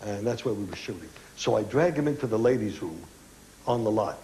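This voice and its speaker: An older man, a chat show guest, telling animated anecdotes and acting out quoted lines. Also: on the low side, a little fast, slight background noise, low-quality recording.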